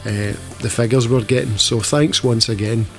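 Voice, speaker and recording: A man's voice: medium pitch, normal speed, creaky, soft background music. A Scottish man co-hosting a podcast in casual, sweary banter, full of restarts. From Scotland. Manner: sweary, jokey, stumbling restarts. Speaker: podcast co-host.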